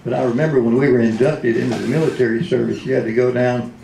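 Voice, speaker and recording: A man's voice: mid-range voice, fairly even intonation, fast talker, vocal fry, dark tone, slight background noise. A man in his seventies, a retired radio DJ, telling comic stories in a speech, laughing often and slipping into voices. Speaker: retired radio DJ, convention speaker. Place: convention hall. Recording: roomy hall.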